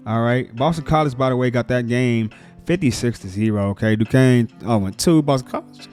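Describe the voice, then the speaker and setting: A man's voice: medium pitch, fairly quick, faint music behind. A man giving a casual, slangy recap of college football scores, hyping players and teams. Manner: slangy, excited hype talk. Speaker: sports vlogger.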